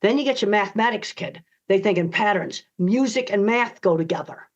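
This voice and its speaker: A woman's voice: medium pitch, brisk. An older woman answering interview questions in a blunt, emphatic, direct way. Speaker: guest author. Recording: dull lo-fi audio.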